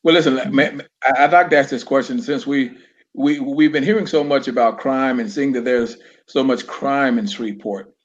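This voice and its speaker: A man hosting a talk show, asking polite interview questions in a halting way with many restarts. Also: mid-range voice, fairly even intonation. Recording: dull lo-fi live-stream audio.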